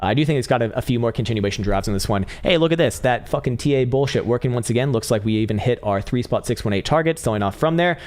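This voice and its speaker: A man's voice: medium pitch, lively intonation, fast talker. A young man hosting a crypto trading livestream, talking through charts in a blunt, profane, casual way and laughing often. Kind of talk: casual live chart analysis.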